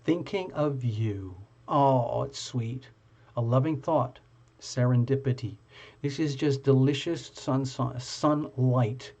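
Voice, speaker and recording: A man's voice: mid-range voice, slow, a little mellow. A man hosting a casual live-stream tarot reading, talking to his viewers in a chatty, playful way.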